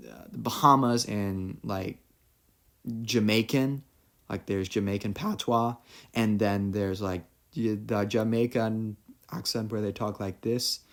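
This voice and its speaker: A man with a fairly low voice talks through a philosophy lecture on his own. He explains in a loose, conversational way, with the odd "you know" and "like". Now and then he reads quoted passages aloud. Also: fairly bright tone. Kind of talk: recorded solo lecture.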